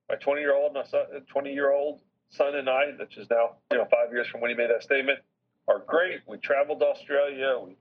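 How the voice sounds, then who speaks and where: A middle-aged man, a business chairman appearing as a podcast guest, telling a personal story in an earnest, heartfelt way with reflective pauses. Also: medium pitch, husky. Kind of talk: candid personal storytelling in an interview. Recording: slightly dull lo-fi recording.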